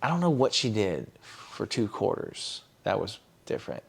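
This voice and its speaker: A man's voice: lowish voice, huge pitch swings, moderate pace, vocal fry, slightly rough. A young man, a podcast guest, telling a personal story candidly and acting out what others said. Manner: candid, retells scenes with quoted voices. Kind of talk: casual storytelling.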